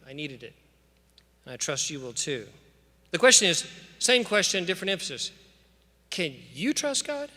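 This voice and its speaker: Bright forceful guy giving a graduation speech w/ bible verses, emphatic preachy rhythm, long echoey church hall. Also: on the high side, sing-song, a little fast, pauses often. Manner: earnest, emphatic, preacherly cadence. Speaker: school official addressing graduates. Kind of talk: commencement address with scripture. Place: large church sanctuary.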